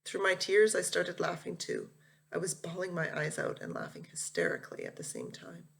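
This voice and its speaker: A woman teacher reading a memoir aloud to her students in an earnest, unhurried way. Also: on the low side, wildly swooping pitch, gravelly.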